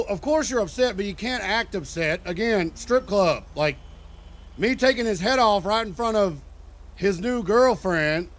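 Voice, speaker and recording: A man telling a story to his stream chat in a casual, profane, exasperated way, with sudden loud outbursts. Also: high voice, slight background noise.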